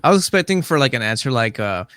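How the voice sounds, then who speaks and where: A man hosting a casual podcast interview, relaxed and joking, with short reactions. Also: mid-range voice, fast, no room sound, studio quality. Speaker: podcast host.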